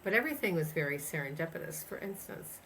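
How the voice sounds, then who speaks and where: Rambling low-voiced woman in her sixties. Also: very animated, fast talker, fairly bright tone, a little hiss or hum. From United States. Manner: rambling storyteller, many fillers and restarts. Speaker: guest chiropractor. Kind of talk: casual interview chat.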